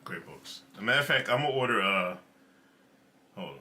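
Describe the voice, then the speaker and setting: Host type, male, bright voice, animated casual storyteller who eats on air. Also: on the low side, fairly quick. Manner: snacking and chewing while talking. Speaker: show host. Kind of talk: casual livestream chat.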